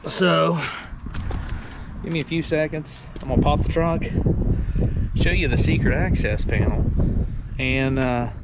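A man's voice: medium pitch, a little mellow. A man hosting a casual car repair tutorial, explaining steps and muttering at stubborn parts as he works in a garage. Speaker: garage DIY host. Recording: clanking workshop noise behind.

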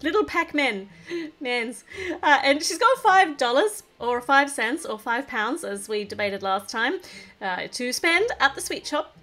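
A woman from Australia hosting a toy unboxing, chatting in a bubbly, giggly way and gushing with excitement over each piece. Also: sits high, unhurried. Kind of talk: casual unboxing chat.

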